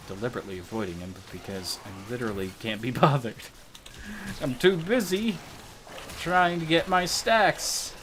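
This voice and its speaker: A man's voice: sits low, background noise. A man live streaming a game, rambling and joking to himself and his viewers in casual chatter. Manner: rambling, joking, self-mocking.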